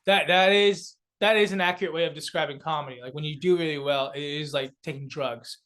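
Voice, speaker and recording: A man's voice: fairly high pitch, fairly quick. A young man from South Korea, chatting as a guest on a comedy podcast, telling stories with lots of fillers and laughs. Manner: laughing, animated storyteller with many fillers. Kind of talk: casual podcast chat.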